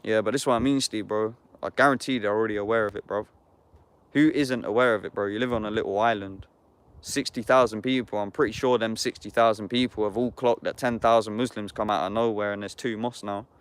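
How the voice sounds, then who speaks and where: A man's voice: lowish voice, fairly even intonation, fast, clear, resonant tone. A man in a casual livestream chat, talking bluntly and heatedly, swearing and saying "bruv" constantly.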